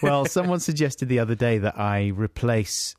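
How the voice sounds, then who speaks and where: A man's voice: mid-range voice, expressive, normal speed, a little mellow, dry recording, studio quality. A British man co-hosting a comedy podcast, playful and giggly, reading out listener messages. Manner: playful, giggly, breaks into silly singing. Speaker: podcast co-host. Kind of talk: casual comedic chat.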